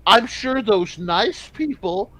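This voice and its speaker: A sly male elf pimp, played by a game master talks people round in an unhurried, sing-song patter. The pitch rises and falls freely as he wheedles. It is tabletop role-play banter. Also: expressive, fairly bright tone, no room sound. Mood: wheedling. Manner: coaxing, persuasive patter.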